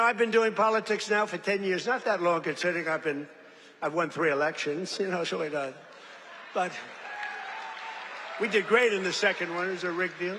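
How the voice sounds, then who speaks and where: A man's voice: high voice, a bit bright, slight background noise. An older man giving a rambling, boastful rally speech from a podium, with mocking asides and acted-out quotes. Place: large event venue. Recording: reverberant venue with faint ambience.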